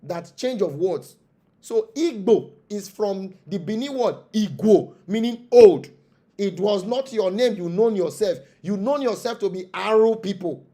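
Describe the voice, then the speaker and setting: The man's high-pitched, dark-toned voice is animated yet unhurried, with a Nigerian accent. He is a traditional spiritual leader giving an impassioned monologue as an interview guest, preaching through rhetorical questions and repeated phrases.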